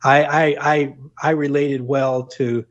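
A middle-aged man from New England talks through his working life in a relaxed, reflective interview, circling back on his phrases with restarts and "you know" fillers. His voice sits at an ordinary pitch, and the recording sounds a little muffled and lo-fi. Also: takes it slowly. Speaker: guest, former corporate plant manager. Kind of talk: conversational interview.

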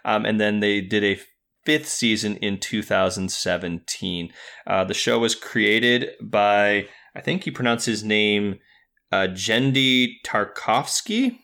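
A man's voice: on the low side, fairly even intonation, unhurried, creaky, sharp tone. A man in his thirties hosting a podcast, chatting casually and rambling with lots of fillers. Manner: rambling, many fillers and restarts. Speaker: podcast host. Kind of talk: casual chat.

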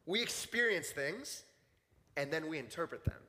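Storytelling his way through a casual sermon, a young adults pastor in his thirties acts out the voices in quotes for his church group. His fairly high voice is expressive, bright and forceful at a normal pace, echoing with the church hall's long reverb.

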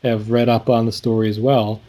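Mellow-voiced man in casual chat. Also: mid-range voice, little pitch movement, fairly quick. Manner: thoughtful, rambling with fillers and restarts. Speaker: podcast co-host discussing song lyrics.

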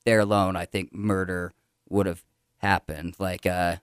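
A man hosting a comedy podcast in casual chat, excitable and quick to laugh. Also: low-pitched, clean tone, no room sound, studio quality.

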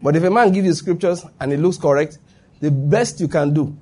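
A man delivers a sermon to a congregation in front of him. His voice sits a little high and sounds husky, and he presses each point hard, repeating himself and asking again and again whether his listeners understand. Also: brisk, mellow. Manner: emphatic, checks in with listeners. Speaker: preacher. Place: before a live congregation.

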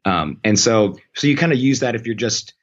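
A man telling a personal story in casual chat. He talks in a rambling, self-correcting way and gets animated when he quotes people. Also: medium pitch, normal speed, muffled recording. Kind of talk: casual anecdote.

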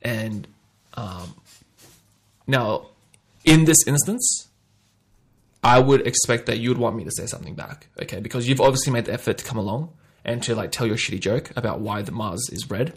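A man with a gravelly, husky voice hosts a casual podcast chat. He acts out little scenes playfully, jumping between hushed asides and loud bursts. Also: mid-range voice, animated, moderate pace. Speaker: podcast host.

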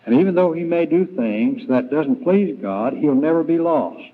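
Preacher, male, slightly high voice, very slow, halting delivery; thin phone-like 1990s tape. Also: animated, a little hiss or hum. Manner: slow, deliberate, with frequent fillers and restarts. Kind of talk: Bible lesson sermon.

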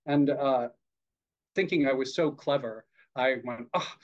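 Man, Zen teacher, reflective dharma talk, halting with fillers, middle pitch, dull lo-fi sound. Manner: reflective, hesitant, with many fillers and gentle humor. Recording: dull lo-fi podcast audio.

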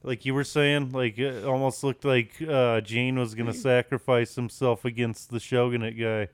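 Smooth-voiced man in loose podcast chat. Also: medium pitch, level tone, normal speed, no echo. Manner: rambling, many fillers, swears freely. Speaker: podcast co-host. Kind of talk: casual chat.

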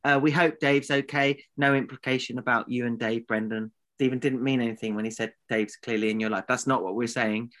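A man co-hosting a comedy podcast, his voice bright and forward. He teases his partner in a mock-serious, playful way. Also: mid-range voice, fairly even intonation, a little fast, hardly any pauses. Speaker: podcast co-host. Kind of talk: casual comedic banter.

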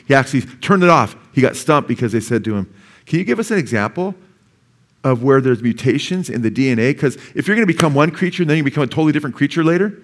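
A middle-aged man preaching a sermon in a church in a conversational way, often tagging his points with "amen?" and "man". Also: a little high. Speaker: pastor.

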